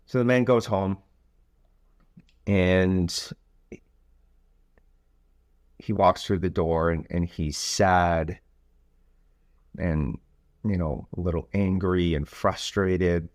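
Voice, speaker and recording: Slow, deep-voiced male coach telling a story. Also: dry recording, clean studio sound. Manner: relaxed storytelling with frequent filler phrases. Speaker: youth soccer coach and podcast host. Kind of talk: storytelling on a podcast.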